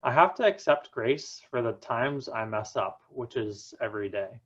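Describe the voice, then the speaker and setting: A young man giving a prepared personal talk, telling his story earnestly with dramatic pauses. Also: mid-range voice, lively intonation, a bit bright, dull audio. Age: young adult. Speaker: student speaker.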